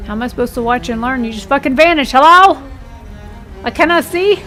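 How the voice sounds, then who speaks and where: Brief: woman streamer chatting over gameplay, excitable and foul-mouthed, voice slightly high. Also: fairly quick, soft background music. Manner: excitable, swears a lot. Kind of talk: casual game stream commentary.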